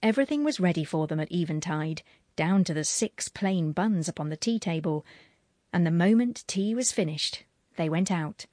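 A woman narrating a novel in a measured, clear storytelling manner. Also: on the low side, lively intonation, mellow, no room sound, studio quality. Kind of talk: audiobook narration.

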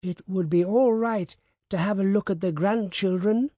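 A man's voice: high voice, normal speed, mellow, no echo, clean studio sound, voice pushed up. A man reading aloud, voicing a frail, meek old peasant man with a weak voice. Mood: gentle.

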